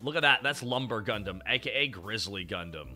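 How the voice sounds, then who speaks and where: A man hosting a casual chat and reviewing robot designs, excitable and rambling, and swearing freely as he goes. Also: lowish voice, brisk, soft background music. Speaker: show host.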